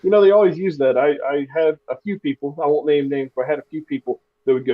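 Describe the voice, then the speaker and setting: A man's voice: fairly high pitch, fast talker, hardly any pauses, phone-quality sound. A man co-hosting a podcast in casual chat, telling stories with a self-deprecating humor and frequent restarts. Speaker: podcast co-host.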